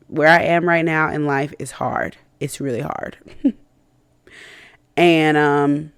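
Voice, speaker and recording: A woman's voice: deep voice, fairly even intonation, slow pace, long pauses, clean tone, dry recording, clean studio sound. A woman hosting a personal faith podcast, talking candidly and reflectively, with many fillers and restarts and self-conscious laughs between thoughts. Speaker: podcast host.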